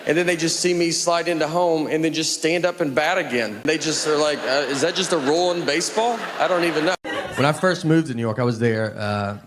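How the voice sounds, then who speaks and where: A man from Tennessee with a Southern accent, doing a slow, deadpan stand-up routine. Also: on the high side, a crowd in the background, noisy background. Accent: Southern American. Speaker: stand-up comedian. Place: comedy club stage with laughing audience.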